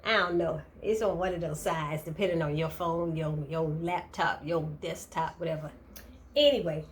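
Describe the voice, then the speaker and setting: A woman recapping a TV episode in a casual, animated way, laughing and acting out the characters' lines. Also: low voice, moderate pace, a little hiss or hum. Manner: expressive, laughing, acts out quotes. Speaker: TV recap vlogger.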